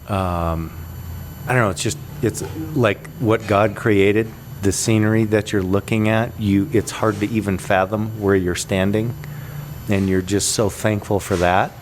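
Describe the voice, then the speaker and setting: A man with a very low voice speaks slowly and thoughtfully as a podcast guest, searching for his words. Faint background noise runs under him. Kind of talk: reflective casual talk.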